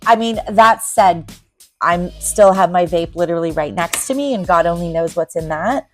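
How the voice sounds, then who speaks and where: A woman's voice: on the low side, normal speed, faint music behind. A woman in her forties hosting a casual solo podcast as a recovery coach, talking in a candid, rambling way with frequent ums.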